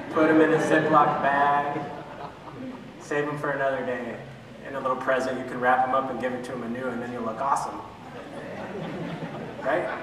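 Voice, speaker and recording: A man teaching an adult church class, asking questions and answering them himself, with joking asides. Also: mid-range voice. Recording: echoey hall from far off, faint room noise.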